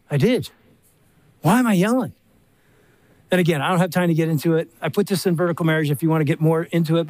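An older man preaching a sermon, telling stories with lively acted-out quotes. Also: on the high side, no echo. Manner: animated storytelling with acted-out quotes. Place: live event stage.

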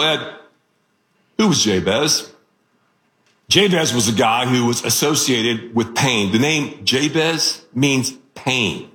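A man preaching a sermon as pastor, telling stories in an animated, joking way. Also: a little high, reverberant.

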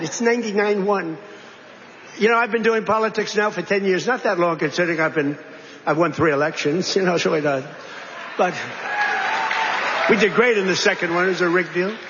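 Man, politician, rambling speech, repetitive asides, rhetorical questions, high-pitched, long hall reverb. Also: fairly quick, crowd noise. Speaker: politician addressing a crowd. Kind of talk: rambling campaign-style speech. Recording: dull, reverberant hall recording with faint noise.

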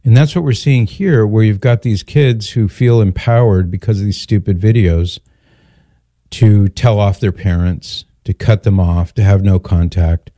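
A man's voice: on the low side, measured pace, dark tone, no echo, clean studio sound. An older man, a grandfather, hosting a call-in radio talk show and lecturing emphatically on the issue. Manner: emphatic, lecturing, quotes others in mock voices.

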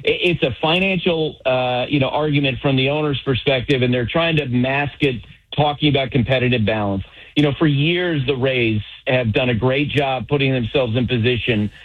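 A middle-aged man breaks down baseball on sports radio with firm opinions and a string of quick examples. His voice sits in a middle pitch. The sound is dull and lo-fi, like a radio feed. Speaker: baseball analyst.

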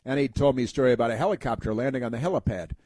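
A man's voice: mid-range voice, very fast, a little mellow, no echo. A man hosting a radio talk show, talking casually in a rambling, wry, self-mocking way from a studio.

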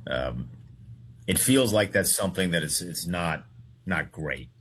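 A man in his thirties playing along in a radio quiz segment, hesitant and thinking out loud. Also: low-pitched, lively intonation, a little slow, slight background noise. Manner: hesitant, thinks aloud with fillers. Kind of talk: casual sports radio chat.

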